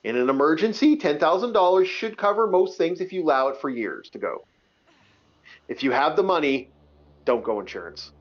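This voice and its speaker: A man's voice: a little high, big pitch swings, a little fast. Guy venting on a podcast, swears a lot, stumbles over words, kinda muffled audio. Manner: profane, heated ranting with many restarts. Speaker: podcast co-host. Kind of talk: casual ranting chat. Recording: dull lo-fi audio.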